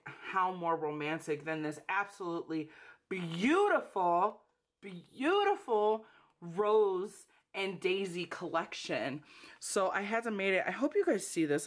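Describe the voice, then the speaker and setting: A young woman hosting a casual unboxing vlog, gushing and emotional, calling her viewers sis and y'all. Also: mid-range voice. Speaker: budgeting channel host.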